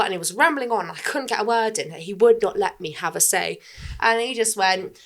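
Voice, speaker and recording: A woman's voice: lowish voice, expressive, a little fast. A young woman chatting casually as a podcast guest. She tells her story bluntly, swears freely and acts out what others said. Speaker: podcast guest, farm worker.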